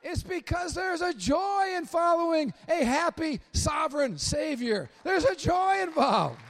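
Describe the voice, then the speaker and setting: A man preaching a sermon in an animated way, acting out the voices of Bible figures and shouting at the high points. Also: a little slow, big-room sound. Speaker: pastor.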